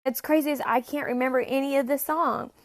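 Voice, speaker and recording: A woman talking at home in a casual confessional monologue about a message she feels she received. She speaks haltingly, repeats phrases and sometimes drops to a near-whisper. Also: sits high, fairly even intonation, no room sound, studio quality. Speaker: self-described spirit medium.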